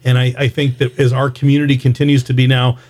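A man appearing as a guest on a call-in radio show, explaining his work in an earnest, animated way. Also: mid-range voice, fast. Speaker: guest, city manager. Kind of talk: radio interview.

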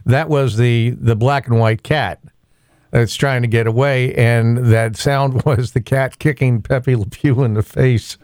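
A man hosting a morning radio trivia call-in, chatty with halting asides. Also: medium pitch, fairly even intonation, darkish tone, dry recording. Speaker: radio host. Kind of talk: casual trivia call-in segment. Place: radio studio. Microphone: studio microphone.

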